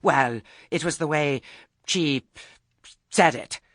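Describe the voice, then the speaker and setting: A man voicing a flustered rustic farmer who talks loudly and indignantly in an audiobook reading. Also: fairly high pitch, slow, dry recording, clean studio sound, voice pushed up. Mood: agitated. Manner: loud, agitated and indignant.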